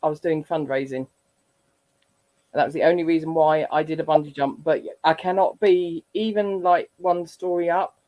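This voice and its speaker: A woman's voice: low-pitched, fairly even intonation, normal speed, muffled recording. Woman in her forties telling a story. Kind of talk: casual chat.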